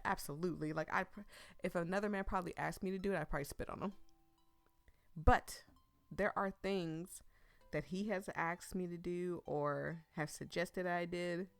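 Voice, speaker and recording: This let's play streamer, a woman whose voice sits on the low side, keeps up a chatty, ranting running commentary on a visual novel and argues back at her own remarks. The recording is dry, and the talk stays casual.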